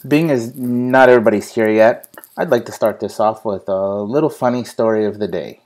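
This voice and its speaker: A man's voice: on the low side, normal speed, a little mellow. A young man hosting a casual live show, telling a funny family story with plenty of swearing and laughter. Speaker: host.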